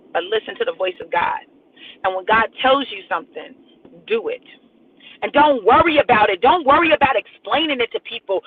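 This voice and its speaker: A woman's voice: a little high, slightly rough. A woman preacher giving an emphatic, repetitive prophetic sermon on a live stream, speaking straight to her viewers. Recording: tinny phone-like audio with faint noise.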